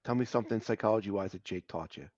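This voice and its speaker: A man hosting a casual interview, asking quick, prompting questions. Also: fairly low pitch, a little mellow, muffled recording. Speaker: interview host.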